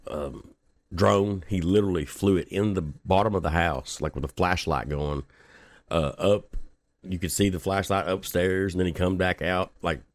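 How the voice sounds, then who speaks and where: Deep-voiced man telling a story. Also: dry recording, clean studio sound. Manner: laid-back, profane, laughs often. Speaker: local news podcast host. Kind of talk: casual storytelling.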